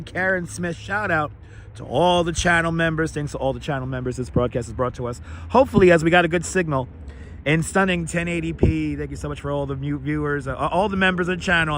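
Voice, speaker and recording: A hoarse-voiced man hosting a live walking stream outdoors, rattling off viewer names and welcomes on a clip-on mic. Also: fairly high pitch, slight background noise. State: scratchy, hoarse voice. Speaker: livestream host. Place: outdoors on city streets. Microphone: wireless clip-on mic.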